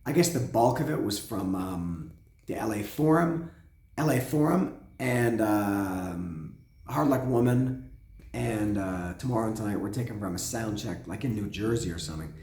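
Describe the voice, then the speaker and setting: Hoarse rambling man, echoey room. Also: fairly low pitch, animated, normal speed, a little mellow. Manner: rambling, restarts, hums along with the songs. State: hoarse, voice cracking. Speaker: host. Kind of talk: casual spoken album review.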